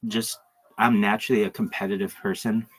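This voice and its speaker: A man's voice: lowish voice, flat delivery, brisk, a bit bright, husky. A man talking on a livestream in a rambling, joking, crude monologue full of asides.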